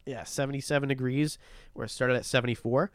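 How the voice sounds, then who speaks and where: A young Canadian man chatting on a livestream, rambling loosely as he reads viewer comments aloud and thanks people. His voice sits at an ordinary middle pitch. The sound is dry and close, with almost no room around it. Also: fairly even intonation, fast talker, no room sound. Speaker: livestream host. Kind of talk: casual livestream chat. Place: warm room under a heat lamp.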